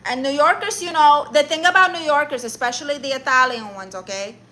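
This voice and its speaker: A woman's voice: sits high, brisk, pushed and bright. A woman live streaming comedy who rants and roasts her viewers in a brash, sassy, mock-insulting way, with Spanish exclamations thrown in.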